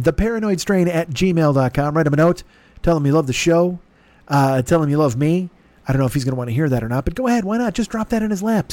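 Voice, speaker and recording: Male podcast host, a touch high-pitched, rambling and self-mocking, swearing freely, recorded dry and close. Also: a little mellow, no echo. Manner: profane, self-mocking, talks in circles. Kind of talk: rambling comedic monologue.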